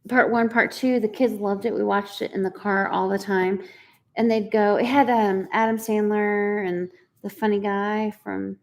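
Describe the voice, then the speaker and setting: A woman's voice: mid-range voice, steady tone, moderate pace, darkish tone. A woman, chatting casually on a live stream, greeting viewers by name and laughing often. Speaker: co-host of a live chat stream.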